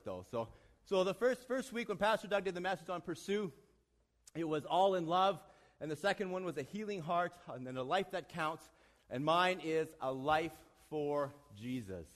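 A man, a church leader preaching a sermon in a plain, direct, self-deprecating way. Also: a little high. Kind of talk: sermon with a joke and prayer. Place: church hall. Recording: long reverb of a church hall.

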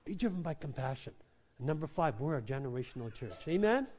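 A male pastor preaching a sermon, who swings between quiet questions and loud, emphatic lines and keeps calling out "Amen?". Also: a little high, very animated, quick pace. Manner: repeats lines, calls out "Amen?" to the congregation.

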